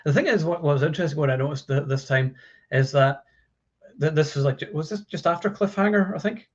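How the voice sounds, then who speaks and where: A man co-hosting a casual film discussion, recounting scenes in an animated way and padding them with fillers like "uh" and "like". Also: on the high side, a little fast. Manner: animated storyteller, hedging fillers like "uh" and "like". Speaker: podcast co-host. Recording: dull lo-fi audio.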